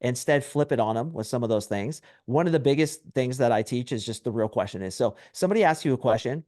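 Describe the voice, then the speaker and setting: A man, a dating coach, talking as a podcast guest in a brash, animated way, acting out little scenes as he explains. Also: medium pitch, fast talker, no echo, clean studio sound. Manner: brash, animated storytelling with acted quotes. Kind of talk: podcast interview.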